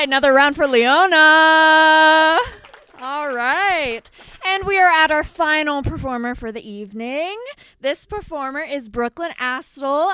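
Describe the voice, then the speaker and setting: A woman's voice: high-pitched, bright, forceful tone, dry recording. A woman hosting a live poetry and spoken word event, introducing the next performer in an upbeat way. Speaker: event host.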